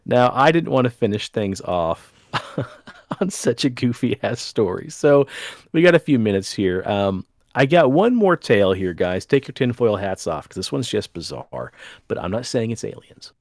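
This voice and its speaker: A man's voice: fairly low pitch, moderate pace, dry recording, studio quality. A man co-hosting a casual paranormal podcast, reading a news story aloud and laughing often. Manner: animated, laughs often, gravelly. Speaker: podcast co-host.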